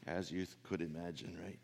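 A man preaching a sermon in a folksy, conversational way, swelling louder on his key points and often clearing his throat. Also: sits low, a little hiss or hum.

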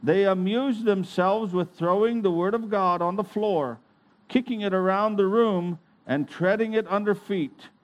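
A man reading a religious account aloud in a measured, deliberate way, with an occasional slip. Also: sits high. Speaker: reader.

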